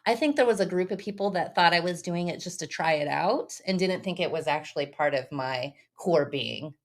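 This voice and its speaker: A woman's voice: lowish voice, normal speed. A woman from Texas, a podcast guest and business owner, talking candidly and bluntly in a casual interview and acting out other people's remarks. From Texas, USA.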